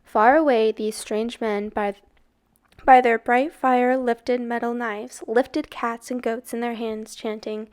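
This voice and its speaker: A woman reading a novel aloud to a book club in a dramatic, expressive storytelling manner. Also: a little high, takes it slowly, clean tone.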